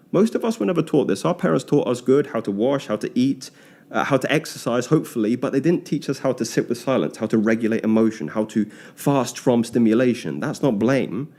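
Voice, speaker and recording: A man's voice: medium pitch, mellow. A man giving a blunt, emphatic motivational monologue, often correcting himself mid-sentence. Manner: blunt, emphatic and lecturing, with frequent self-corrections. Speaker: speaker on self-discipline.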